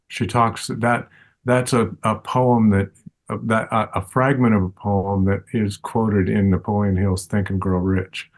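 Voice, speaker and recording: An older man talks with unhurried calm, lingering on each thought and restarting phrases as he answers. His voice sits low, and he speaks as a teacher explaining ideas he believes in. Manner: slow, earnest and reflective, with restarts. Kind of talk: reflective interview answers.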